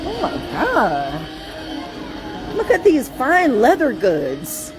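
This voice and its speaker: A woman, chatting excitedly in a casual vlog while walking through a large store, laughing often. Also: high-pitched, takes it slowly, music in the background, low-quality recording. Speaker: vlogger. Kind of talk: casual shopping vlog chat.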